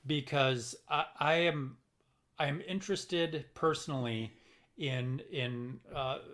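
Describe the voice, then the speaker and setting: A middle-aged man with a Minnesotan accent chats casually as a podcast co-host. He talks in a rambling, halting way, full of ums and restarts. His voice sits at an ordinary middle pitch for a man. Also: a bit bright. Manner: rambling, halting with many fillers. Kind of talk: casual chat.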